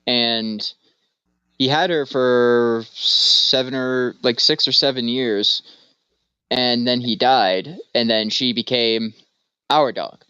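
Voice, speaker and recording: Bright-voiced rambling podcast man. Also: medium pitch, steady tone, slow pace, clear, resonant tone, dry recording, dull audio. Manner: rambling, storytelling with acted-out voices. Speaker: podcast co-host. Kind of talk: casual stoner chat.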